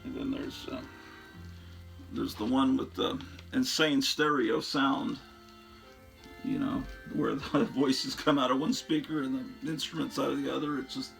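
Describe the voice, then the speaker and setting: A man's voice: medium pitch, steady tone, unhurried, gravelly, a bit bright, soft background music. A man hosting a show, chatting casually and enthusiastically about his record collection in a rambling way, often trailing off into fillers.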